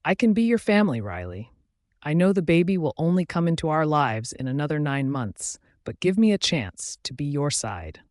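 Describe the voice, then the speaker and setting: A man's voice: a little high, very animated, normal speed, a little mellow, no echo, clean studio sound. A man voicing an earnest young bride. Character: earnest young woman, a new bride, tender.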